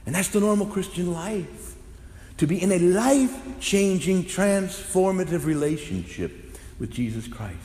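A man's voice: high-pitched, lively intonation, a little slow. A man, a Catholic priest, preaching a sermon with fervent, impassioned delivery. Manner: impassioned preaching, rising to loud fervent exclamations. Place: large echoing church. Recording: roomy hall reverb.

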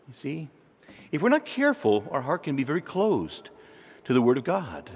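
Animated preacher in a reverberant hall. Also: male voice, a little high, moderate pace. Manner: conversational, animated, asks the listeners questions. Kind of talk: sermon. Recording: long reverb of a large hall.

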